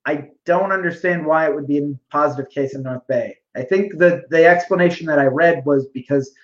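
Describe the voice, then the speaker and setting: A man's voice: a little high, fairly quick. A man in casual podcast chat, skeptical and profane, laughing often. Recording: echoey, dull-sounding mic.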